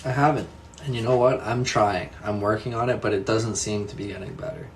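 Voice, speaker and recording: A young man with a slightly low voice chats with his viewers in a casual, unhurried way. He answers their comments one at a time, often repeating himself softly. He laughs easily as he goes. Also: fairly even intonation, slight background noise. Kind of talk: casual live chat.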